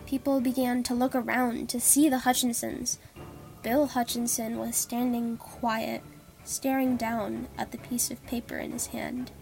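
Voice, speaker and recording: Calm woman reading a story aloud. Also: on the high side, a little slow, vocal fry, faint music behind, rough recording. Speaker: narrator.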